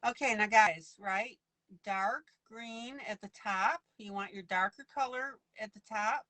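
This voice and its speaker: A chatty woman teaches coloring on a live stream, taking her time with each step. Her voice is bright and a little high, and the sound is dry and close. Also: unhurried, no room sound, poor audio. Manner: chatty and playful, laughs often.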